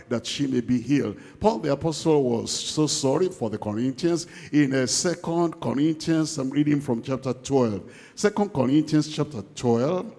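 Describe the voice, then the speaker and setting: A man preaching a sermon, emphatic and repeating his key points, slowing down to read scripture aloud. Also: medium pitch, darkish tone, in a large hall.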